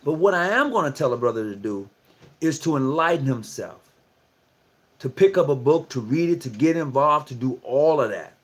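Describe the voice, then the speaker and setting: A man's voice: mid-range voice, expressive, moderate pace. A man giving a casual talk to fellow lodge members, repeating himself and asking rhetorical questions. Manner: conversational and preachy, repeats phrases, asks rhetorical questions. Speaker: lodge speaker addressing fellow Masons. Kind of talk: casual lecture, livestream talk.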